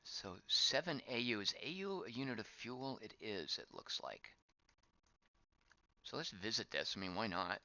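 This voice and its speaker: A man's voice: lowish voice, big pitch swings, normal speed, bright, forceful tone, no echo. A man giving casual gameplay commentary as he plays, thinking aloud, wondering and reacting to what is on screen. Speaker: game streamer. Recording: dull lo-fi dry voice track.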